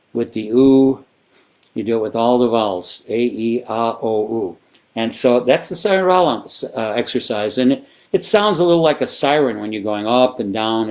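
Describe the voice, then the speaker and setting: Male sound therapy teacher, mid-pitched, loose and rambling, guided exercise delivery. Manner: relaxed, rambling, with frequent fillers and restarts. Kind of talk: guided vocal exercise instruction.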